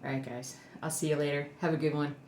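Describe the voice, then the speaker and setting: Low-voiced woman vlogging from home. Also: level tone, fast talker, a little mellow, echoey room, slight background noise. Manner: rambling, with many fillers and baby talk to her dog. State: emotional, near tears. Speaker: cross stitch vlogger. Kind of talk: casual chat to camera. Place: indoors at home.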